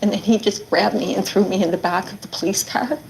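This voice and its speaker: A woman's voice: medium pitch, fairly quick, gravelly, background noise. A middle-aged woman giving earnest interview testimony, retelling events and quoting what was said with frequent "like" fillers. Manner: earnest, quotes herself and others, many "like" fillers. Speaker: interviewee recounting her ordeal.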